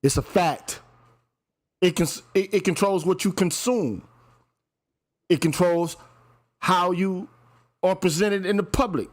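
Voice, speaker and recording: A man's voice: high-pitched, slow, long pauses. A man hosting a casual commentary chat, talking in a profane, emphatic way and often repeating himself. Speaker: podcast host.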